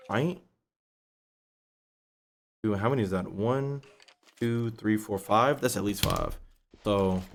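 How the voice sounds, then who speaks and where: A young man, casually telling a profane, animated story while playing a game. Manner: profane, animated storytelling, rising pitch when retelling outrage. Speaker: gaming YouTuber. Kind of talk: casual storytelling over gameplay.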